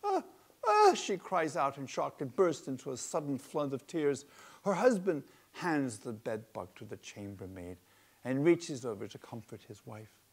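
A man reading aloud from his own book of fables, deliberate and relishing the words. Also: mid-range voice, lively intonation, slightly rough. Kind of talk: storybook narration.

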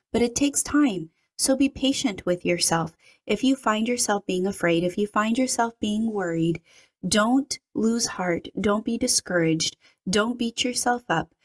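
Earnest woman reading a devotional. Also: mid-range voice. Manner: earnest, measured and prayerful. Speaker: devotional reader and commentator. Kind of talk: prayer, scripture reading and devotional commentary.

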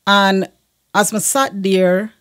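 A woman's voice: mid-range voice, slow, a bit bright. A woman, a guest sharing a personal testimony in an earnest manner, with frequent fillers.

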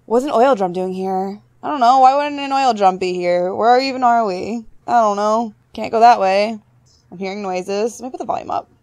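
A woman's voice: mid-range voice, darkish tone, no room sound. A young woman playing through a horror game demo, chatting, reacting and talking to things she finds on screen. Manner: chatty, jumpy, talks to objects on screen. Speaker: gaming YouTuber. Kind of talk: horror game let's play.

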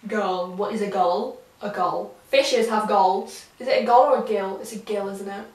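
A woman's voice: mid-range voice, normal speed. A young woman vlogging in a rambling, giggly, self-mocking way, talking to a camera on a tripod in a small room. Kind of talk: casual chat to camera. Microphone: camera on a tripod a few feet off. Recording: echoey room, voice from the camera's distance.

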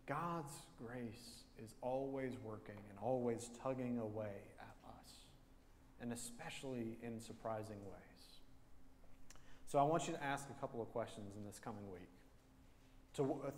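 A male pastor preaching an earnest sermon, telling a story and repeating key phrases for emphasis. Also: medium pitch. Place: church sanctuary. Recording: long church reverb.

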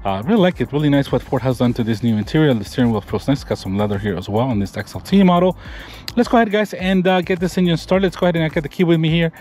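Fast-talking casual man reviewing a truck. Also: on the high side, lively intonation, a little mellow, faint music behind. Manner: casual, enthusiastic, talks while pointing things out. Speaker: car reviewer. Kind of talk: walkaround car review. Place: around and inside a pickup truck.

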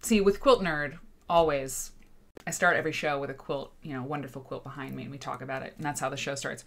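A woman in her thirties hosting a quilt livestream, animated and exasperated, with sarcastic asides. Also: rumbling low, fast talker, vocal fry. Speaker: quilt show host. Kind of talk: livestream talk. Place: home studio with green screen.

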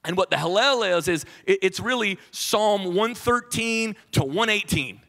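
Speaking from the church stage, this high-voiced pastor rings out with animated, friendly address to his listeners. He frequently begins thoughts again and dramatizes the quotes he uses.

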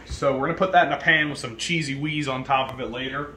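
A man's voice: mid-range voice, fairly even intonation, fast, echoey room, heavy background noise. A young man hosting a casual cooking vlog, joking and bossing his friends around in a home kitchen. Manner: joking, bossy, chatty.

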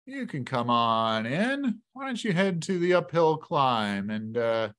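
A shady guard drawls out a slow, sly invitation in a low, quiet voice, as a man puts him on. His delivery is unhurried and sounds faintly menacing. It plays as a tabletop game character. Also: big pitch swings, clean tone. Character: shady male town guard.

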